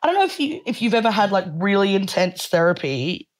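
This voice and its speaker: A woman comedian talking as a guest in a relaxed chat, at a mid-range pitch. She is open and candid and tells stories in which she pokes fun at herself. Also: a little fast. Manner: candid, self-mocking storytelling. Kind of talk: casual chat.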